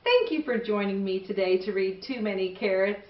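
A woman hosting a children's story show, speaking gently and directly to young viewers as she signs off. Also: medium pitch, lively intonation, normal speed. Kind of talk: friendly sign-off to young viewers. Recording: roomy, distant, muffled sound.

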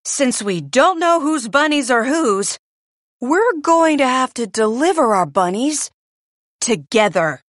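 A woman's voice: high-pitched, big pitch swings, takes it slowly, a bit bright, no echo, studio quality, full character voice. A woman voicing a confident, proud adult male delivery bird in a storybook. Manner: confident, declaring.

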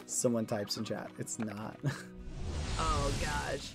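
A man's voice: medium pitch, slow pace, creaky. A man livestreaming a game, chatting with his viewers in a playful, teasing way, with game music behind him. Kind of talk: casual game stream chat.

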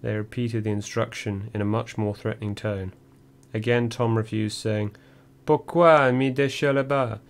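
A man reading a first-person memoir audiobook in a measured, dry storytelling manner. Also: fairly low pitch, level tone, a little mellow. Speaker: audiobook narrator.

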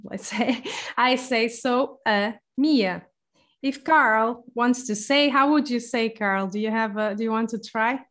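A young woman with a Portuguese accent teaching phrases in a patient online lesson, repeating words slowly. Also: on the high side. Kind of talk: slow explanatory online lesson.

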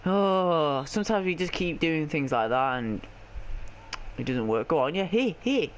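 A young man talks over his football game as it unfolds, his pitch jumping up and down as he gets frustrated with the players and referee. He swears often and rants at what happens on screen, with a faint hiss in the background of the recording. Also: lively intonation, measured pace. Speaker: gaming video creator. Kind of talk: live gameplay commentary.

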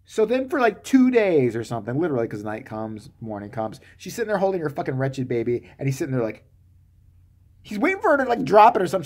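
A man's voice: mid-range voice, big pitch swings, a little fast, darkish tone, breathy edge. A man giving a comedic, sarcastic movie-review rant, swearing freely and acting out the characters' lines.

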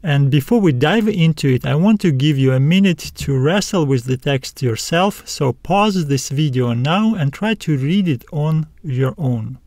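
Slow, careful male language teacher. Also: a little high, animated, darkish tone, no room sound. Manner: slow, careful enunciation, spelling out letters. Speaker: Greek teacher. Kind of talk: recorded video lesson.

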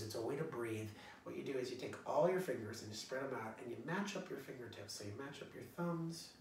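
A man teaching young children in an online singalong, talking gently and encouragingly in a playful way. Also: fairly high pitch, a little hiss or hum. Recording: roomy echo, distant from the mic, guitar.

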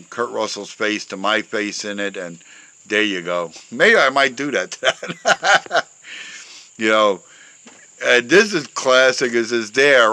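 A man hosting his own show outdoors, chatting casually in a loud, forceful, outspoken way and chuckling often. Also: fairly low pitch, clean tone, no echo, poor audio. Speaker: show host showing memes and pictures. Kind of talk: casual rambling commentary. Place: outdoors in a breeze.

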